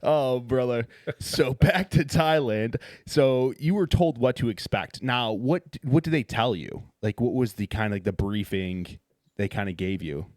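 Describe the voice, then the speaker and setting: A male podcast host keeps the chat loose with crude jokes and frequent laughter. His voice sits at an ordinary middle pitch, recorded dry and close with no room sound. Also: a little slow, a little mellow, dry recording. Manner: crude joking banter, laughing often. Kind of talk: casual chat.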